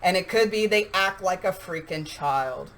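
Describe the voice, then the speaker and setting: A woman giving a casual tarot reading straight to her viewers in a chatty, animated way. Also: fairly low pitch, a little slow, rough recording. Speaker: tarot reader.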